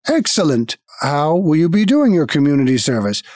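A man's voice: a little high, big pitch swings, normal speed, darkish tone, no echo, clean studio sound. A man voicing a fussy, malfunctioning guild automaton that speaks in scripted prompts. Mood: chirpy robotic. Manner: chirpy scripted prompts, mishears on purpose.

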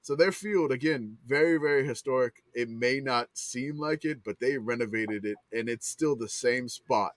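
A man's voice: medium pitch, moderate pace, few pauses, no echo. Chatty man reeling off sports history. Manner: animated, reciting old sports records with running commentary. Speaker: podcast host. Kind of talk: casual chat.

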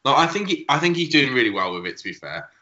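A man's voice: medium pitch, very animated, fast, pushed and bright. A man co-hosting a podcast, chatting casually and rambling with restarts and laughter. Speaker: podcast co-host. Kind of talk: casual chat. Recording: echoey room, dull lo-fi sound.

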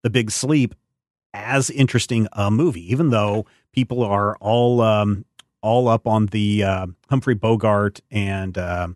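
A man's voice: lowish voice, steady tone, unhurried, darkish tone, no room sound, studio quality. A man co-hosting a casual movie chat, playful and theatrical, with many hesitations. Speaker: podcast co-host.

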